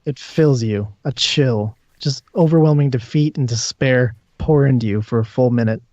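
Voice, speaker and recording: A man running a tabletop game as game master, narrating scenes and pausing when ruling on questions. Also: medium pitch, a little mellow, dry recording. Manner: descriptive, hesitant when ruling. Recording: dull dry audio.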